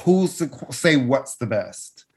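A man co-hosting a podcast in casual chat, animated and swearing freely as he rants. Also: medium pitch, slow, heavy background noise. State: frustrated. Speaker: podcast co-host.

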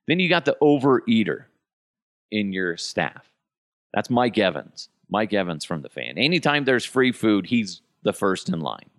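A man hosting a comedy podcast, delivering a profane, mocking monologue full of quick impressions. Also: fairly low pitch, a bit bright, no room sound, clean studio sound. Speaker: podcast host.

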